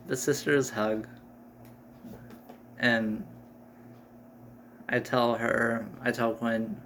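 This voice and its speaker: A man's voice: mid-range voice, very slow, long pauses. A man improvising a family adventure story, rambling and correcting himself as he goes. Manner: rambling, self-correcting narration. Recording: steady air conditioner hum.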